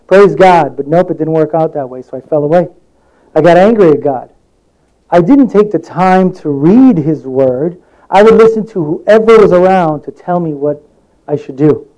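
Guy preaching a sermon, kinda higher voice but mellow, chatty, tells stories on himself. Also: animated, normal speed, low-quality recording. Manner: conversational, acts out quoted voices, laughs at own stories.

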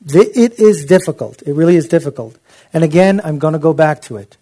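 A man's voice: fairly high pitch, lively intonation, a little fast, mellow. A man preaching a sermon in an impassioned, conversational way, with frequent asides to his listeners.

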